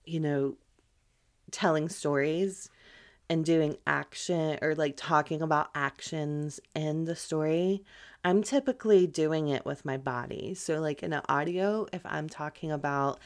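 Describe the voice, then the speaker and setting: A woman's voice: sits low, a little slow. A woman hosting a podcast, chatting in a candid, loose way with plenty of fillers. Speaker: podcast host. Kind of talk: casual chat.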